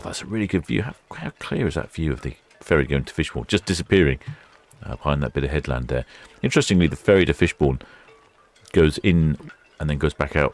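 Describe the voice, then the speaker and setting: A man with a very deep voice gives relaxed live commentary. He rambles from thought to thought and fills the gaps with plenty of uhs. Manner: chatty, rambling, with many fillers. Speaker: ship-watching livestream host.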